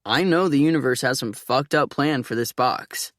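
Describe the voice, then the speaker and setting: A woman voicing a guarded, cynical teenage boy in an audiobook, talking in a flat, tight way. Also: a bass voice, normal speed, no echo, clean studio sound.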